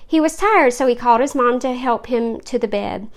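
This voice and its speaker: A woman reads a story aloud in a plain, steady manner. Her voice sits high. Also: normal speed. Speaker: story reader.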